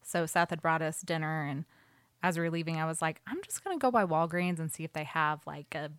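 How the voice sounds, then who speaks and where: A woman's voice: low voice, brisk, a bit bright, clean tone, no echo, studio quality. A young woman telling a story in casual podcast chat, full of "like"s. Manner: chatty storytelling with many "like"s.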